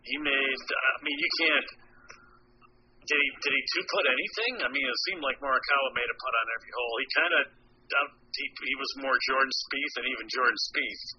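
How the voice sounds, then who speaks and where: A man's voice: mid-range voice, a little fast, dull audio, a little hiss or hum. A man, a golf writer guest in a casual interview, talking in a wry, self-deprecating way and often restarting his sentences.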